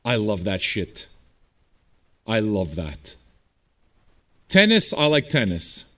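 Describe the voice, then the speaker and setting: A man's voice: lowish voice, very animated, takes it slowly, pushed and bright. A man hosting a livestreamed music show, answering viewer chat in a blunt, profane, combative way. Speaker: streaming radio DJ host.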